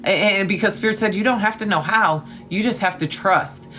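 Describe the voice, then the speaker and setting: A woman with a twang talks to her live-stream viewers into a phone, calling them honey and darling. Her voice is bright, and faint music plays behind her. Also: medium pitch, fairly quick. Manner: spiritual talk of gratitude and trust.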